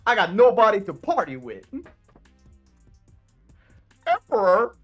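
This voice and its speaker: A woman's voice: medium pitch, sing-song, slow pace, faint music behind. A woman voicing a brash, bored male penguin boss who talks in a slangy, teasing street drawl. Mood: swaggering.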